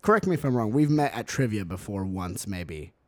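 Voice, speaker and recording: A man's voice: lowish voice, lively intonation, brisk, darkish tone, no room sound. A man hosting a podcast, chatting casually and joking, rambling with fillers. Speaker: podcast host. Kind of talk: casual chat.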